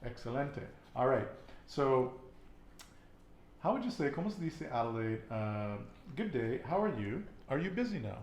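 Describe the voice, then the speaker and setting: A man runs a relaxed Spanish lesson and keeps asking his student questions to check what she knows. His voice bounces around a reverberant room. There is a light hiss of background noise. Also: medium pitch, normal speed. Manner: patient, quizzing with questions. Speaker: Spanish teacher. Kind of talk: casual language lesson.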